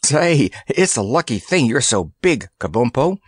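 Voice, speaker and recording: A man voicing an excitable, eager young boy king in a storybook, exclaiming often. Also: medium pitch, moderate pace, breathy edge, dry recording, clean studio sound, exaggerated voice. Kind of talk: audiobook character voice.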